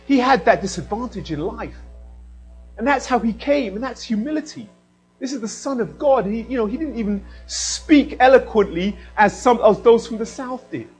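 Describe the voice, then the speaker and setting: A man delivers a sermon in a fairly high, husky voice. He preaches with animation, rising to loud emphasis and then dropping to a hush. Faint music plays softly behind him. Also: animated, normal speed, rough recording.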